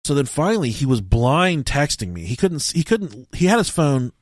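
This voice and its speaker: Animated swearing young man. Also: mid-range voice, moderate pace, no echo, studio quality. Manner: animated storyteller, swears a lot, shouts when acting out scenes. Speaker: podcast co-host. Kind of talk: casual podcast chat, reading and telling stories.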